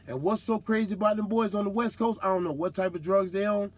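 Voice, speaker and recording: Animated high-voiced trucker telling road stories. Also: male voice, fast. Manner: animated, slangy, acts out other drivers with whoops. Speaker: truck driver vlogger. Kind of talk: casual storytelling monologue.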